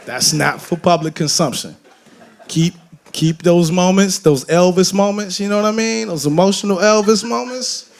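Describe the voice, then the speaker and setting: A man from Detroit talking candidly on a festival stage, telling animated, profane, joking stories and acting out voices. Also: high-pitched, moderate pace, gravelly. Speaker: guest musician on stage. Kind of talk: candid onstage conversation. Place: festival main stage before an audience.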